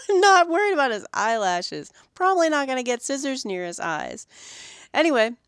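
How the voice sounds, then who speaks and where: A woman hosting a podcast about dog grooming, telling animated stories about her week and acting out the owners and dogs. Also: high-pitched, normal speed, clear, resonant tone, no room sound, clean studio sound. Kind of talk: solo podcast monologue.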